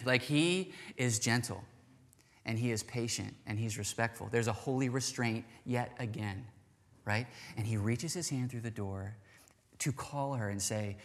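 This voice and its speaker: A pastor with an unhurried, fairly bright mid-range voice preaches a casual, chatty sermon to a congregation, recorded with long hall reverb. As he goes, he acts out quoted lines in little voices.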